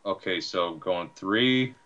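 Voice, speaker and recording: A young man in his twenties with a very deep voice that still has a bright edge. He co-hosts a casual chat, cracking crude jokes. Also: unhurried, muffled recording. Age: 20s. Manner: joking, crude humor. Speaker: podcast co-host.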